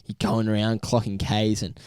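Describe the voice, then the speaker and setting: An Australian man co-hosting a podcast in casual chat, playful and quick to laugh with jokey asides. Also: lowish voice, monotone, darkish tone, smooth, no room sound, clean studio sound. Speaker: podcast co-host.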